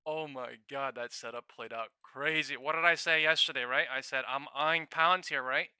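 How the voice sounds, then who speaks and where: A young man running a live trading stream with a bright, ringing, very forceful voice. He talks in crisp, clean tones, swears freely, and jumps between excited outbursts and quick market calls. The sound is dry and close, with no room around it. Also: mid-range voice, dry recording. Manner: swears a lot, bursts into shouting and laughter. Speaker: day-trading livestream host. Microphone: new studio mic.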